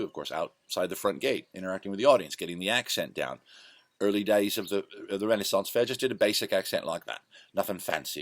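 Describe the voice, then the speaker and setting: Low-voiced man rambling through stories. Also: a bit bright, no room sound. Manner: rambling, digressive, self-correcting. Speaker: host. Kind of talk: casual storytelling monologue.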